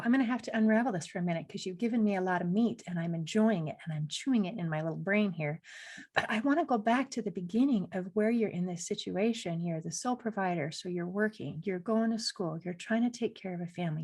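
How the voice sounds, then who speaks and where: A woman hosts a podcast interview, effusive and encouraging as she responds to her guest. Her voice has a breathy, husky quality at a medium pitch. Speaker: podcast host. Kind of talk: conversational interview.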